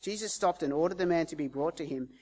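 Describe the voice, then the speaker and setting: Man, pastor, sermon, casual storytelling, higher voice. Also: fast talker, a little mellow. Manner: conversational, acts out quoted voices.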